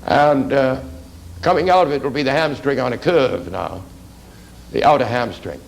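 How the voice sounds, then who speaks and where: Gravelly man lecturing on anatomy. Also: mid-range voice, low-quality recording. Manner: halting, frequent "uh" and "you see"; dry asides to the class. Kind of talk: classroom lecture while drawing.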